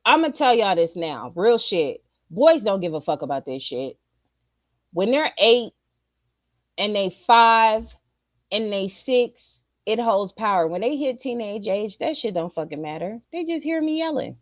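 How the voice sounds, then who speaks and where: A middle-aged woman streamer giving a blunt, profane, animated opinion rant to her viewers. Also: mid-range voice, unhurried, dry recording.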